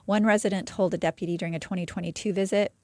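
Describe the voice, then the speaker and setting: A woman walks through a true-crime case in relaxed podcast chat, tossing in blunt asides. Her voice is somewhat low with plenty of gravelly fry. The recording is close and dry. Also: very fast, dry recording. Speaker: podcast co-host.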